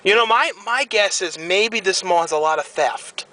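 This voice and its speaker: A young man vlogging, chatting casually and ranting with animated, rambling complaints. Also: high voice, moderate pace, poor audio. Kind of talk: casual chat.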